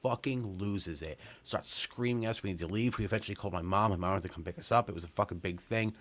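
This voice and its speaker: A Long Island, New York man in his forties co-hosts a comedy podcast, telling a rambling, profane story packed with fillers and restarts. His voice is fairly low and fairly bright, and he talks quickly.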